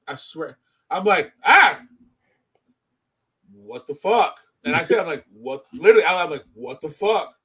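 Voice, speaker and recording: A man co-hosting a podcast, telling stories in casual chat, cursing often, slangy and animated. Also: fairly high pitch, moderate pace, husky. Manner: profane, animated storytelling with slang. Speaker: podcast co-host.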